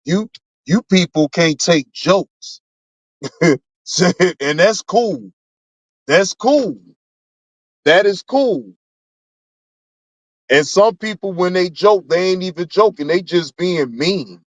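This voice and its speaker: A man's voice: sits high, lively intonation, slow pace, long pauses, no echo. A man hosting a livestream, answering his chat in laid-back, rambling, profane casual talk. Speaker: livestream host. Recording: dull lo-fi sound.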